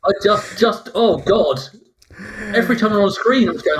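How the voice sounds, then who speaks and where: A man's voice: high voice, lively intonation, normal speed, crowd noise. A man co-hosting a casual review podcast, exasperated and dramatic as he rants. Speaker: podcast co-host.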